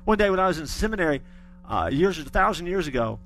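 A man's voice: high voice, sing-song, fast talker, a bit bright, faint music behind. A middle-aged man preaching a sermon, telling stories with folksy humor. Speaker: pastor.

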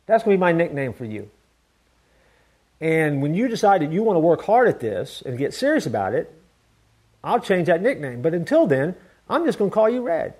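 A man voicing a stern, blunt father talking to his teenage son in a gruff, demanding way. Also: a little high, big pitch swings, moderate pace. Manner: gruff and demanding, softening when proud.

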